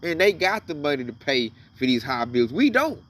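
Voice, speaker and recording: A man's voice: a little high, very animated, moderate pace, a bit bright, distant mic. A man giving casual, emphatic commentary on scripture, reading verses aloud and then riffing on them. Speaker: religious commentator.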